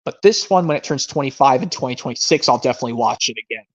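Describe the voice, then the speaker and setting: A man chats casually on an online stream about the films he collects, rambling and tossing in quick asides. His pitch moves a lot, and the lo-fi audio sounds dull. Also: animated. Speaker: stream host.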